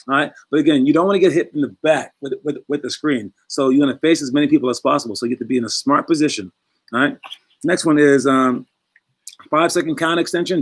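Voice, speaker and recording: Young male basketball coach, slightly high voice, loose and chatty, drifts into stories. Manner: chatty, rambling, acts out voices in quotes. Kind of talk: casual coaching talk to players.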